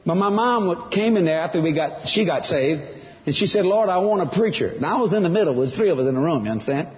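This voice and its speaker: A man's voice: a little high, animated, fast, in a large hall, muffled recording. A man giving a testimony sermon, telling his story with animation and acting out the other voices. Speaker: preacher.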